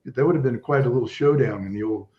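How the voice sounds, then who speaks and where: A man in his seventies, a Vietnam veteran and author appearing as a guest, tells stories in a rambling casual chat, restarting often. His voice is medium-pitched and quick-paced, and the audio sounds dull.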